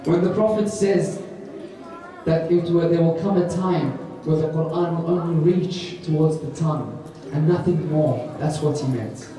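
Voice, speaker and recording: A man's voice: fairly high pitch, measured pace, crowd noise. A man giving a mosque lecture, telling stories and asking rhetorical questions. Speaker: preacher. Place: large mosque hall. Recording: echoey hall, mic far off.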